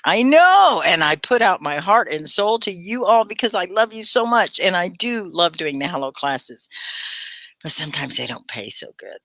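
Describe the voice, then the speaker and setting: A woman hosting a live online English class, chatting warmly and encouragingly with her students. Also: lowish voice, no room sound. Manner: warm, encouraging, chatty with viewers. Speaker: ESL teacher hosting a livestream class.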